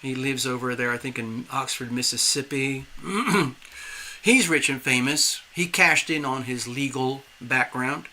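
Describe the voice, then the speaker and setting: A man's voice: medium pitch, a little slow, sharp tone. A man giving a live tarot reading in a rambling, spiritual manner. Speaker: tarot reader.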